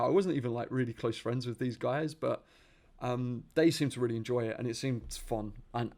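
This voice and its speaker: Young male host, softened Essex accent, sincere and reflective, hesitant restarts. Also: mid-range voice, vocal fry. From Essex, England. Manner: earnest, repeats words while searching for them. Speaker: podcast host, personal trainer. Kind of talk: reflective personal monologue.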